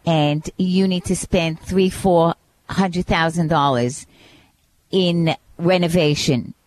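A woman from Brooklyn co-hosting a radio talk show, asking callers clear, encouraging questions. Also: lowish voice, fairly even intonation, slow, a little mellow, slight background noise. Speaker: co-host.

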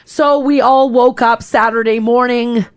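A woman's voice: on the high side, fairly even intonation, measured pace, no room sound. A woman co-hosting a radio show, chatting wryly and reading a short news item. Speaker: radio co-host. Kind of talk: casual radio chat and news.

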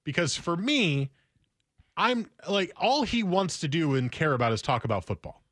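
A man's voice: on the high side, sing-song, normal speed, fairly bright tone, no echo, clean studio sound. A man hosting a sports radio show, talking casually and rambling through thoughts with restarts.

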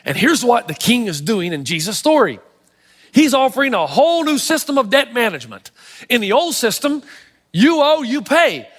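High-voiced pastor preaching in a hall. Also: male voice, fairly quick. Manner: animated storytelling, emphatic. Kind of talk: sermon. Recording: long hall reverb.

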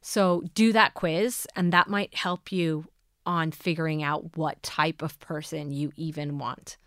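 A woman's voice: low voice, fairly even intonation, a little slow, a bit bright, no room sound, clean studio sound. A woman hosting a podcast, giving earnest coaching on manifesting love and asking listeners many questions. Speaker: podcast host.

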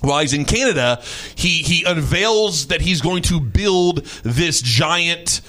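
A man hosting a talk radio show, telling a strange story in an animated, mocking way and often repeating his words. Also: on the high side, unhurried. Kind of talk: casual storytelling chat.

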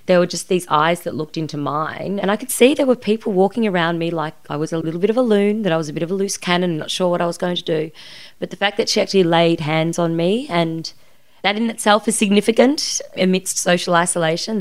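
An Australian woman in her forties, a guest telling a personal story openly and reflectively in a podcast interview. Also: fairly low pitch. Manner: earnest and reflective, recounting emotional events openly. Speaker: guest, actress.

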